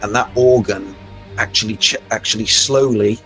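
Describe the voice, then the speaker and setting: Bright-voiced man running a tabletop game. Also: fairly low pitch, steady tone, normal speed, faint music behind, low-quality recording. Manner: explanatory, with fillers and restarts. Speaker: game master.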